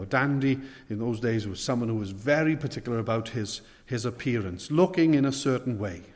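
A man preaching a sermon, earnest and pleading, with slow emphatic stresses. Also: a little high. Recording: long hall reverb.

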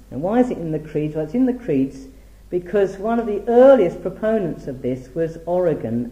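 Dark-toned man teaching scripture. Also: a little high, roomy sound, low-quality recording. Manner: measured, reads scripture aloud with emphasis. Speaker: preacher. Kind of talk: Bible teaching talk.

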